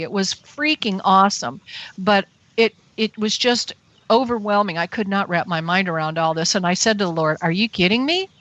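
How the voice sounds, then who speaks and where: A woman's voice: mid-range voice, fairly bright tone, no echo. A woman guest on a radio interview show, telling a personal story earnestly and breathlessly. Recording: dull, dry radio show audio.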